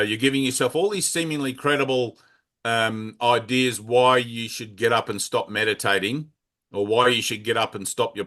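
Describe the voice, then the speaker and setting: A man teaching a small circle in a relaxed, frank way, his voice sitting at an ordinary middle pitch. He talks plainly, swears a little and keeps asking his listeners "right?" as he goes. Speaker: spiritual teacher. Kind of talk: informal spiritual talk to a small group.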